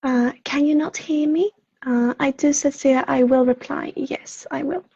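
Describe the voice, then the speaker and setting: A woman with a Swedish accent, a psychic counselor chatting on a livestream in a soft, apologetic, halting way with many fillers. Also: high-pitched, steady tone, no echo. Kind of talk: casual livestream chat. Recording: dull lo-fi livestream audio.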